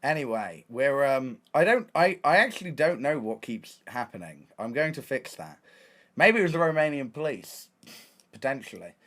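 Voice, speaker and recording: A young man with an English accent, a streamer telling a story in a casual, excitable way, full of slang and restarts. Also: mid-range voice, normal speed. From England.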